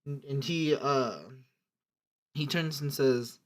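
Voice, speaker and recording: A man's voice: medium pitch, slow. A man narrating as game master, stumbling and restarting often, over a noisy voice call. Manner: hesitant narration with many restarts. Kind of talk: running a tabletop game online.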